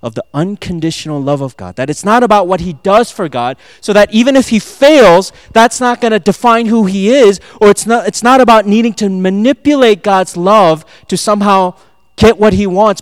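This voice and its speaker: A man preaches a sermon in a high, smooth voice. He moves between forceful emphasis and quiet, hushed asides, acting out the lines he quotes. The room sounds dry. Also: normal speed, no echo. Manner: swings from loud emphatic preaching to soft near-whispered asides; quotes and acts out lines, laughs at himself. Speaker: pastor.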